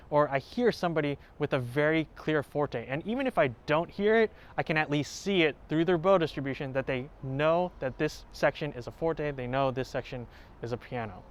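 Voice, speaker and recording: A man who plays violin, hosting a tutorial and calmly explaining step by step, now and then singing short examples. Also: fairly high pitch. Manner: clear, explanatory, with sung examples. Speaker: violin teacher and channel host. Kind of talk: instructional talk to camera. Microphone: home recording setup.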